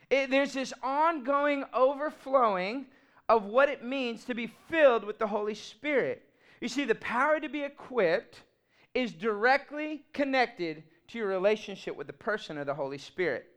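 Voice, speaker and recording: A man, preaching a sermon in an animated, humorous and emphatic way. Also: very high-pitched, moderate pace. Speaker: pastor.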